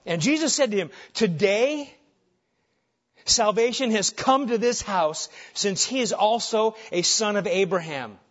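A man preaching a sermon with emphasis, dropping soft on key phrases and rising when animated. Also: high voice, a little slow, highs cut off. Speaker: pastor.

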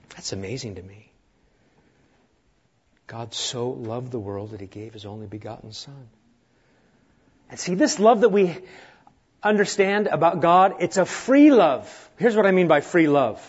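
A middle-aged man preaching a sermon as pastor, earnest, building to emphatic peaks and then falling quiet and slow. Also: high-pitched. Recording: dull lo-fi recording.

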